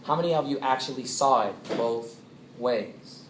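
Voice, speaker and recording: A man giving an animated talk to a live audience in a coffeehouse, drawing answers from the listeners. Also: mid-range voice, moderate pace, background noise. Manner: animated, draws answers from the crowd. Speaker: speaker. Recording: echoey room with loud ambience.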